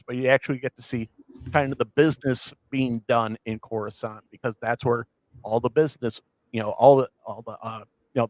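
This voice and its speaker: Rambling animated man, dry close sound. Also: mid-range voice, dry recording. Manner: rambling, many restarts and fillers, animated retelling. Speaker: podcast co-host. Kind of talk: casual chat.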